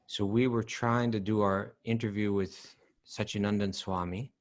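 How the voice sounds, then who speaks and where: A man co-hosting a casual podcast chat, relaxed and thinking aloud as he talks. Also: fairly low pitch, normal speed. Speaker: podcast co-host.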